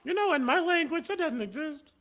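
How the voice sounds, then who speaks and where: A man's voice: very high voice, animated, brisk. A man playing a tabletop game, talking bluntly and jokingly, often restarting his sentences. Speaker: player. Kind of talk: casual tabletop role-play.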